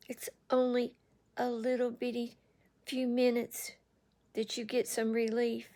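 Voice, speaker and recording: A woman with a slightly high voice gives an earnest talk straight to the listener. She circles back and repeats phrases to drive her point home. Her delivery stays direct and personal. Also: monotone, measured pace, warm tone. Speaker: online speaker on addiction recovery.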